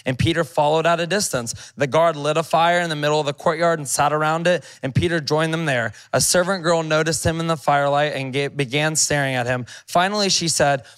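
Man preaching with a fairly high voice. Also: fairly even intonation, a little fast, hardly any pauses, fairly bright tone, clean tone. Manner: reads scripture aloud and comments in a conversational, emphatic way. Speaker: pastor. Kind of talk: sermon.

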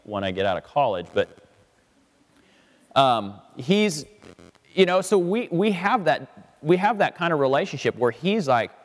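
A man preaching a sermon in a relaxed, conversational way, slipping quickly into short voiced asides. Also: medium pitch, long reverb tail. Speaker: pastor.

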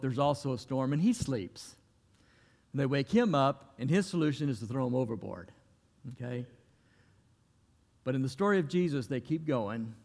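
A man preaching in a church, his voice trailing off into a long hall reverb. He talks in a relaxed, folksy storytelling way, with mid-range pitch, and now and then acts out the people he quotes. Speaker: pastor. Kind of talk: sermon.

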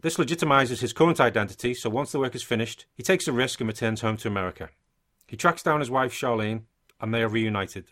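Chatty podcast co-host. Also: male voice, mid-range voice, fast talker, fairly bright tone. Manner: chatty, reads notes with asides. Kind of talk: casual podcast chat.

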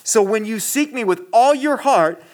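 A man with a high voice gives a casual sermon to a gathered congregation. He speaks earnestly and straight to his listeners. His talk is loose, with many fillers and restarts. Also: animated, normal speed. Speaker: pastor.

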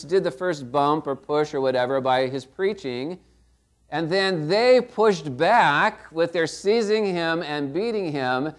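A middle-aged man preaching a sermon in a conversational way, often checking in with the congregation. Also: high-pitched. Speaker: pastor.

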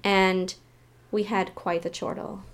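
Woman co-host, mid-pitched, rambling casual storyteller. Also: flat delivery, slow, gravelly. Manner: rambling, heavy use of "like". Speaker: podcast co-host. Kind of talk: casual chat.

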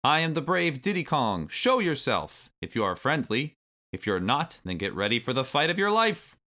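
A man voicing a brave, excitable young monkey in a storybook reading, shouting defiantly. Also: on the low side, brisk.

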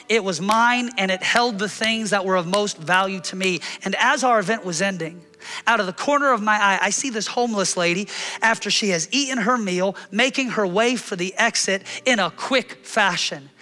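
A man in his thirties preaching a sermon, telling a personal story and acting out the scenes with animated delivery. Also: high voice, long reverb tail. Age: 30s. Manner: animated, acts out his own shouting in the story. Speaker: pastor.

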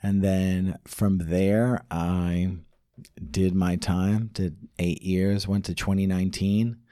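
A man's voice: deep voice, level tone, slow, mellow, no echo, studio quality. A man from New Jersey chatting as a podcast guest, joking and rambling through his stories. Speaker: guest, rapper. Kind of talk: casual podcast chat.

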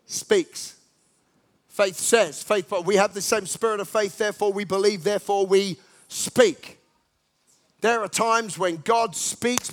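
A man preaching a sermon, exhorting the congregation in emphatic, repetitive bursts that jump from quiet talk to loud rallying cries. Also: sits high.

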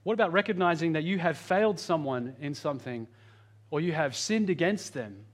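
A man preaching a sermon, earnest, slowing down and speeding up for emphasis. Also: animated. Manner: earnest, varies pitch and pace for emphasis. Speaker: pastor.

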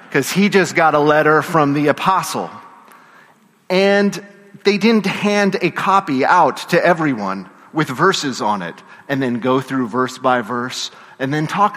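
A pastor with a medium-pitched, slightly bright voice preaches a sermon in church, the long reverb of the hall audible. He tells the story energetically and gets the congregation to call out responses.

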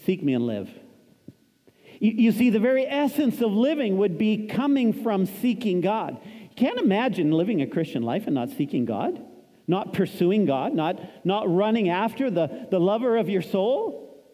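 High-voiced preaching man in his fifties. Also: big pitch swings, moderate pace, warm tone. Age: 50s. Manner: emphatic, repetitive preaching with scripture quotes. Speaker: pastor. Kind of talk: sermon. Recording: long hall reverb.

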